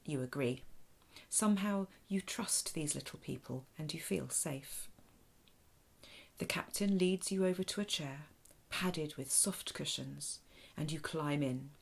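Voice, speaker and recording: Soft-spoken woman telling a children's story. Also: low voice, a little slow, creaky, slightly rough. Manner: soft, hushed, often half-whispered delivery. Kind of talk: guided imagination story narration.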